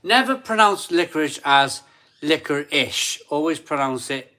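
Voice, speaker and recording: A man's voice: fairly high pitch, animated, moderate pace, fairly bright tone. A middle-aged man from England hosting a casual live stream, chatty and eager, often restarting his sentences. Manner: chatty, stumbling restarts, eager pleas for likes.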